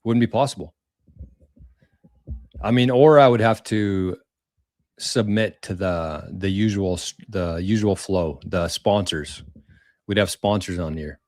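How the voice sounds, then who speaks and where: A man's voice: sits low, measured pace, pauses often, a little mellow, dry recording, clean studio sound. A man hosting a casual live stream, thanking viewers for tips in a rambling way, repeating words and using mild slang. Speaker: livestream host reading viewer tips.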